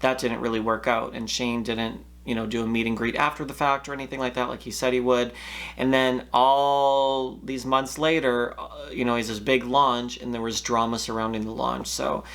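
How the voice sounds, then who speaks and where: A man's voice: mid-range voice, little pitch movement, normal speed. Man reading out and commenting on posts. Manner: reads quoted posts loudly, then talks casually with fillers. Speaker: commentary channel host.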